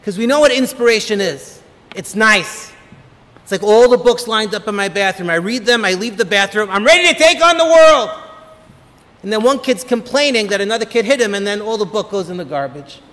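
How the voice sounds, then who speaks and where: A man, a rabbi, giving an inspirational holiday talk full of lively, humorous stories. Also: high-pitched, brisk. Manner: animated, humorous storyteller. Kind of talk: motivational holiday talk with storytelling. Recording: long reverb of a hall.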